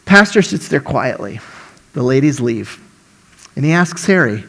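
A man preaching a sermon and telling a story, delivering it animatedly and swinging from hushed to loud. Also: mid-range voice, expressive, a little slow, gravelly, husky.

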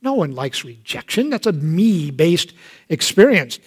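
A man's voice: a little high, very animated, a little slow, slightly rough. A man preaching a sermon, talking conversationally and acting out quoted lines with dramatic voices. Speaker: pastor.

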